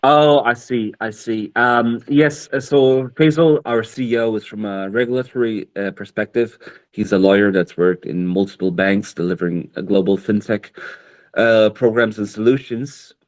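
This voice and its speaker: A man's voice: lowish voice, moderate pace. A man answering interview questions in a casual online voice chat, hesitant and full of fillers and restarts. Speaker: project co-founder, guest. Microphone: online voice call.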